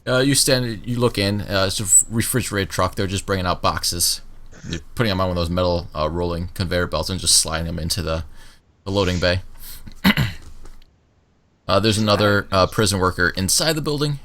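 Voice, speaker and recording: Game master, man, low bright voice, loose and chatty narration. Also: fairly quick. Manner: relaxed, filler-heavy scene-setting. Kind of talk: narrating a tabletop role-play.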